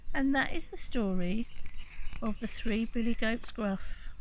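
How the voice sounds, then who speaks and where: Woman reading a children's story, gentle, expressive, slow, high voice, outdoors with faint birdsong. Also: a little hiss or hum. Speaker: forest school teacher. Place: outdoors on a wooden bridge.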